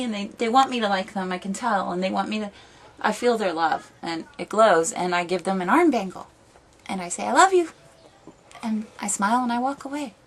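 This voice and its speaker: A woman's voice: mid-range voice, a bit bright. A woman hosting a casual home vlog, rambling and playfully bossy as she chats. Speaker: vlog host. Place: home room with ambient noise.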